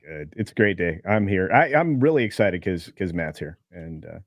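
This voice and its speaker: A man's voice: sits low, lively intonation, moderate pace, no echo. A man chatting as a podcast panelist, wry and rambling. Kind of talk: casual panel chat.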